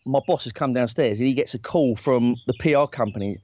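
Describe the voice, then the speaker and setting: A man's voice: mid-range voice, a little fast, warm tone. Rambling, self-deprecating man in his forties. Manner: rambling, self-deprecating, frequent restarts and laughs. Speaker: talent agent, guest. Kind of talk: casual anecdotal chat. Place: outdoors in a hammock. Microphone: earbuds. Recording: dry, slightly dull sound.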